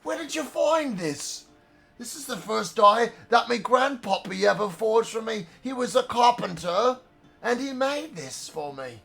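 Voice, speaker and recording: A man's voice: extremely high pitch, animated, unhurried, gravelly, fairly bright tone, faint music behind, voice pushed up, heavily acted. A man voicing a cowardly, drunken male gambler who whines, stammers and begs. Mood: grateful. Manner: whining, stammering, begging.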